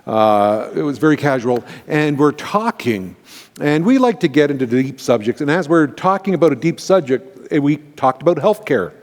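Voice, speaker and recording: A man from Canada preaches in a large church sanctuary, his voice a touch higher than most men's and carried by a long hall reverb. He tells his own story earnestly and with feeling, often stumbling and restarting mid-sentence. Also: lively intonation, normal speed. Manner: earnest, emotional personal storytelling with frequent restarts. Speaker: pastor. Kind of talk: storytelling sermon.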